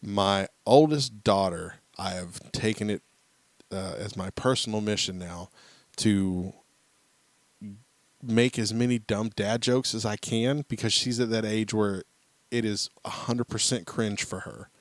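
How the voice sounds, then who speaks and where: A man's voice: lowish voice, unhurried, no room sound. A man in his thirties co-hosting a podcast, telling a family story and acting out the voices. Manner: animated storyteller acting out quotes. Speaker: podcast co-host. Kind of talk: casual chat, storytelling.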